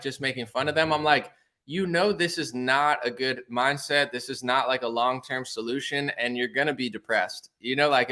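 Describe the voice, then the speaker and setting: A man's voice: fairly high pitch, bright, forceful tone. A man appearing as a podcast guest over a call, rambling in casual chat with many filler words. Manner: rambling, lots of filler likes.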